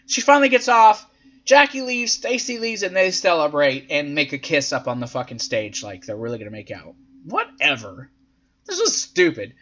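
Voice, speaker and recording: Animated, profane man recapping wrestling matches. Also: a little high, moderate pace, highs cut off. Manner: profane, sarcastic, animated, acts out quotes in silly voices. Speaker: podcast host reviewing wrestling events. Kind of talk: casual commentary and recap.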